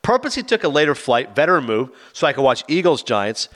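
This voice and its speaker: A man's voice: a little high, big pitch swings, fairly bright tone. A man co-hosting a casual podcast, reviewing a movie and acting out the characters' lines. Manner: fast, chatty, acts out quotes.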